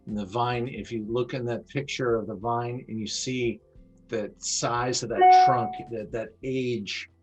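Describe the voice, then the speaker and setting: Slow-talking man hosting a wine tasting. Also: medium pitch, steady tone, darkish tone, soft background music. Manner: slow, descriptive, uses vivid tasting imagery. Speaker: wine educator host. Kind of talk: online wine tasting talk.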